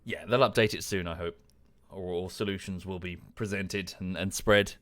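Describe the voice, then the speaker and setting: A man's voice: deep voice, fairly even intonation, normal speed, a bit bright. A man giving casual, dry, self-deprecating commentary while livestreaming a game, often muttering to himself. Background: game music.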